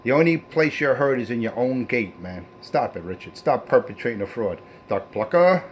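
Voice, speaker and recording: Man, CB radio operator, boastful, folksy banter, mid pitch, faint hiss. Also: a little fast. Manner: boastful, folksy, trash-talking. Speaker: CB radio operator and channel host.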